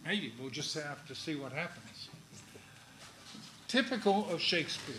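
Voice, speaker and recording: A man teaching a class on verse and syllables, speaking slowly and deliberately with many pauses. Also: on the high side, lively intonation, roomy sound, poor audio.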